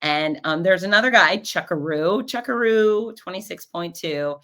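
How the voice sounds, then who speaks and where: Female host with a low voice, chatty and lively, acts out the people in her stories. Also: moderate pace. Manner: animated, acts out quoted voices. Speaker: podcast host and race announcer. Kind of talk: casual storytelling recap.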